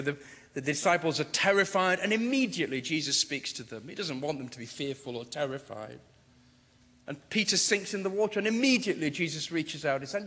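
A man's voice: fairly high pitch, a bit bright. Man preaching in a reverberant hall. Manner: rhetorical, building repetition with slowed emphasis. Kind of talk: sermon. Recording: long reverb of a large hall.

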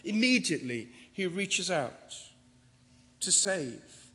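A man preaching a sermon, building through repeated phrases and slowing down for emphasis. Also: sits high, sing-song, pushed and bright. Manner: rhetorical, building repetition with slowed emphasis. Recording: long reverb of a large hall.

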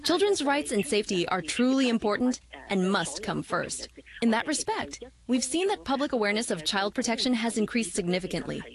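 A woman's voice: medium pitch, sing-song, a little fast, crowd noise. A woman child welfare director speaking earnestly and emphatically in a radio interview clip.

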